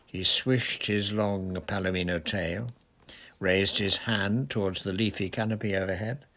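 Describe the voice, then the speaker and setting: A man narrating an audiobook in a slow, even manner. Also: low-pitched.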